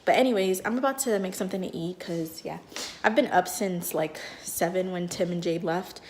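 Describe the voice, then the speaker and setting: A woman's voice: lowish voice, moderate pace, slight background noise. A young woman vlogging casually while she cooks breakfast at home, rambling with lots of fillers. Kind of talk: casual vlog chat. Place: home kitchen.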